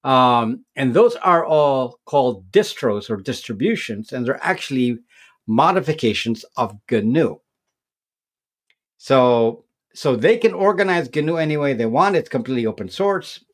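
A man who makes tech videos, explaining things as an interview guest in a casual, halting way with many repeated words and restarts. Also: medium pitch, expressive.

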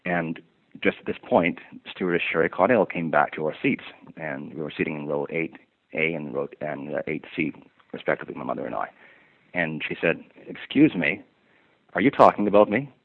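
A man's voice: a bass voice, brisk, gravelly. A man giving a long personal account of an incident, in formal wordy phrasing with frequent ums and restarts. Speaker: passenger recounting an incident. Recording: tinny lo-fi phone-like recording.

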